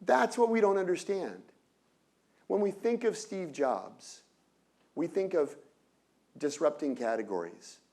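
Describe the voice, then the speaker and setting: A man giving an energetic lecture on innovation to an audience, often asking rhetorical questions and breaking off into quick asides. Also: fairly high pitch, vocal fry. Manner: energetic, peppered with rhetorical "right?"; asides and self-corrections.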